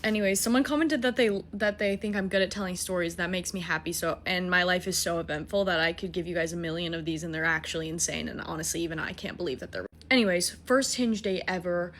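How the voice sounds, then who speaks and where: A woman in her twenties casually telling a dating story, animated, swearing and mocking herself. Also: fairly low pitch, fast, hardly any pauses, a little hiss or hum. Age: 20s.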